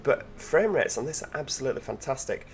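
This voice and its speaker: A man's voice: medium pitch, expressive, fast, a little hiss or hum. A man hosting a gameplay video, commentating with enthusiasm as he drives and chatting to the in-game passengers. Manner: enthusiastic, chatty, full of tag questions; talks to in-game passengers while driving. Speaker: gaming channel host.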